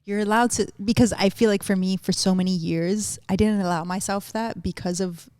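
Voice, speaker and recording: A woman hosting a podcast in casual chat, expressive and quoting her own thoughts, with plenty of "like" fillers. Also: mid-range voice, a little fast, clear, resonant tone, no room sound, clean studio sound. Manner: expressive, quotes herself, frequent fillers like "like". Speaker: podcast host.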